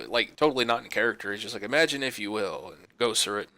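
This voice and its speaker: Recorded dry, this movie podcast co-host speaks quickly at a fairly low pitch. He's a lively storyteller, chatting casually and performing the voices of the people in his anecdote.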